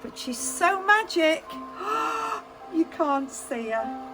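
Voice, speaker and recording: A very high, slow-spoken woman with a Manx English accent leads little ones on a festive tour, greeting each thing with gasps and sing-song exclamations. Music plays clearly behind her. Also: expressive, low-quality recording. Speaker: children's singing group leader. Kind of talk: cheerful tour for toddlers.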